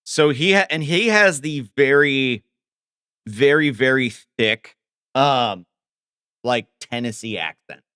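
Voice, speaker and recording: Lively bright-voiced man chatting on stream. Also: medium pitch, smooth, dry recording, studio quality. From Ohio. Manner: rambling, reads chat aloud and answers with quick laughs. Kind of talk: casual live-stream chat while coding.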